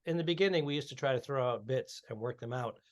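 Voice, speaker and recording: A man in relaxed comedy podcast banter, tossing out jokes and asides and addressing the listeners directly. His voice sits at an everyday middle pitch. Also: fast talker. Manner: joking, playful, speaking straight to listeners. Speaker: podcast co-host and comic.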